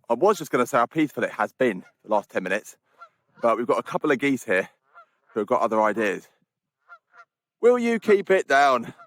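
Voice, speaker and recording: A man's voice: mid-range voice, a bit bright. A man with a southern English home counties accent, chatting enthusiastically to the camera while hiking outdoors on snowy moorland. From southern England, home counties. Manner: chatty and enthusiastic, laughs often. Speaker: hiking vlogger. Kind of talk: outdoor vlog narration.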